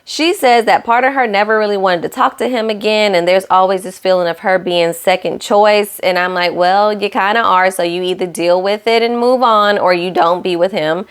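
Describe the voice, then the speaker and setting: A young woman recaps a reality dating show in a casual, sassy way, talking straight to her audience. Her voice sits in an ordinary middle pitch. She breaks into quick acted voices when she quotes what the cast said. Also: fairly even intonation, clean tone. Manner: sassy, talks straight to viewers; acts out cast lines in shifting voices.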